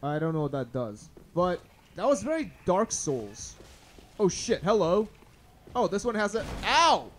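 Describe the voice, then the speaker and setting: A young man commentating a blind playthrough of a hard video game, swearing and shouting at enemies, then muttering to himself. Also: big pitch swings, unhurried, slight background noise. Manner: swearing, yelling at enemies, sudden pitch jumps. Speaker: gaming channel host. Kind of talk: blind let's play commentary.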